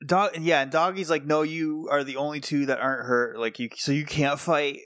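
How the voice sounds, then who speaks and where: A man's voice: fairly high pitch, fairly even intonation, moderate pace, fairly bright tone, no room sound, clean studio sound. A man co-hosting a podcast, adding joking asides and laughing often as he helps recap an episode. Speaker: podcast co-host. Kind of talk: casual chat recapping a show.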